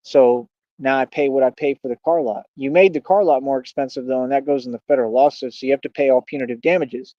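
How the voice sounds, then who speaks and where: A man's voice: medium pitch, fairly even intonation, quick pace, no room sound, muffled recording. A man hosting a livestream, combatively mocking and taunting a rival in a heated rant. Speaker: livestream host.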